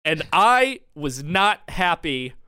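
A man's voice: fairly high pitch, sing-song, slow, bright, forceful tone, smooth, no echo, studio quality. A young man hosting a podcast, telling a long story in casual chat and laughing often. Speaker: podcast co-host. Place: home studio.

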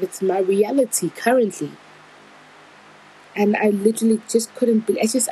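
A woman's voice: fairly low pitch, dark tone, slightly rough, low-quality recording. Candid young woman recounting a hard time. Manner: candid, rambling, emotional retelling with nervous laughs. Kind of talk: personal storytelling.

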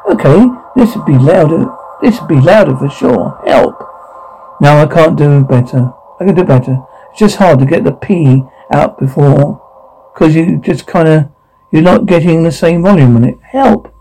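Gravelly man reading a script aloud. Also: fairly high pitch, moderate pace, mellow, low-quality recording. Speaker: script reader.

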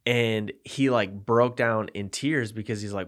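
A man's voice: on the low side, steady tone, unhurried, few pauses. A man co-hosting a casual podcast chat, reflective and thinking aloud as he talks. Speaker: podcast co-host.

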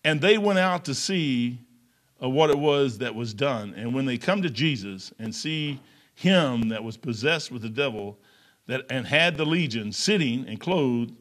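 A man preaching a sermon in a folksy, emphatic way, swinging between loud outbursts and hushed low passages. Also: lively intonation, unhurried.

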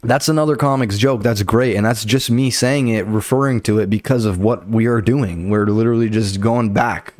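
Casting: a low-voiced guy comic, rambling and cursing, recorded dry and close. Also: moderate pace, few pauses, a little mellow, no room sound. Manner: profane, rambling, loose. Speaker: comedian and podcast host. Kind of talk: casual comedic storytelling.

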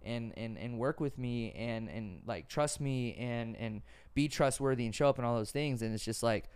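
A man's voice: medium pitch, moderate pace, darkish tone, smooth. A young man hosting a casual podcast, telling earnest stories peppered with swearing. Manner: earnest, profane storytelling. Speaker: podcast host.

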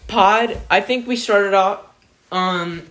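A podcast co-host chatting casually, loose and excitable, swearing freely. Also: medium pitch, slow pace. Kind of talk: casual chat.

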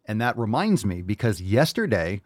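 A man hosting his own livestream podcast, delivering a loud, profane, jokey and hyped-up monologue. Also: on the low side, big pitch swings, normal speed, no room sound, clean studio sound. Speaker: podcast host. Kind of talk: brash comedic livestream monologue.

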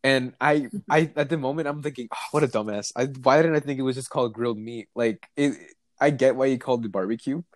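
A man's voice: medium pitch, fast, no room sound. A young man casually telling a work story, swearing freely and acting out the other people in it. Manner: laid-back storyteller, swears freely, acts out voices. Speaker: co-host telling work stories. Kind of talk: casual chat.

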